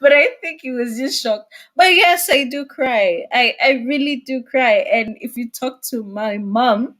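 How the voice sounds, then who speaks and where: Woman, young adult, interview guest, expressive, laughs often, slightly high-pitched, video call. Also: measured pace.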